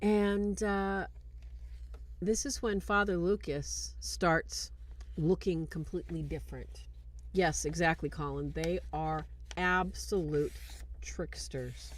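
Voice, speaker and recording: A woman hosts a live film review stream and retells scenes in a casual, animated way. She speaks conversationally and acts out bits of the story. Her close mic gives a dry, intimate sound. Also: lowish voice, dry recording. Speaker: host of a film review show.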